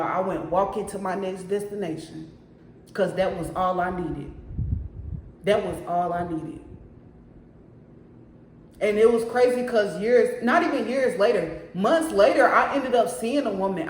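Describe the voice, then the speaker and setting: A woman telling a story from her own apartment in a casual storytime, talking emphatically and calling out to her viewers again and again. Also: medium pitch. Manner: emphatic, keeps addressing viewers directly. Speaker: storyteller vlogger. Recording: echoey room.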